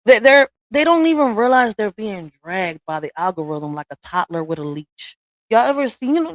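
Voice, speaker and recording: A woman's voice: medium pitch, no echo. Profane woman ranting on a live stream. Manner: profane, blunt and fired up, with slangy asides to viewers. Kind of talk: casual live-stream rant. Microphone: streaming software setup.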